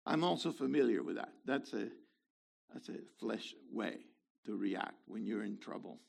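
A man preaching a sermon in an animated way, swinging between loud emphasis and quiet asides, with playful remarks along the way. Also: fairly low pitch, normal speed, vocal fry.

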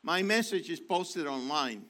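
A man's voice: on the high side, lively intonation, measured pace, bright, forceful tone. A man preaching, reading from an article and repeating key phrases with emphasis, with many restarts. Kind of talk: sermon reading from an online article.

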